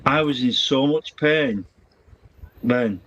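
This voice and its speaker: A man's voice: mid-range voice, slow, fairly bright tone, lo-fi sound. A middle-aged man, rambling and thinking aloud in a casual live-stream chat from a small room he built himself. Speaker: livestreamer.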